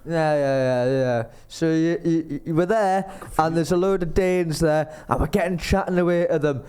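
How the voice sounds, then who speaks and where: A man's voice: fairly high pitch, moderate pace, darkish tone, clear, resonant tone. A young man on a comedy podcast, rambling through a travel anecdote and acting out the people he met. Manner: rambling anecdotes, acts out other people's lines. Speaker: podcast co-host telling a travel story. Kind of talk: casual comedic storytelling.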